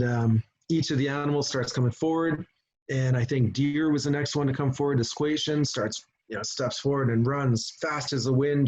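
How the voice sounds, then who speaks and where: A middle-aged man from Canada, a chief giving a conference talk, telling a story unhurriedly with frequent pauses and restarts over a video call. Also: medium pitch, darkish tone, highs cut off. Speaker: Indigenous chief and conference speaker. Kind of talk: storytelling presentation.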